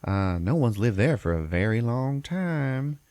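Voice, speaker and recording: A man voicing a chatty, gossipy small-town woman who runs an ice cream shop, in a high falsetto. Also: big pitch swings, a little slow, darkish tone, no room sound.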